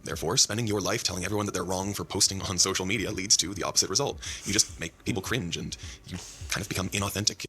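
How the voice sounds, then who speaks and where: A man narrating a video essay in a measured, scripted delivery. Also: deep voice, steady tone, bright, forceful tone, slightly rough.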